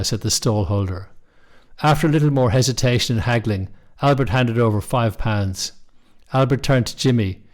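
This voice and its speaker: A man reading his own short story aloud, in measured scripted narration. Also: mid-range voice. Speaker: storyteller and author.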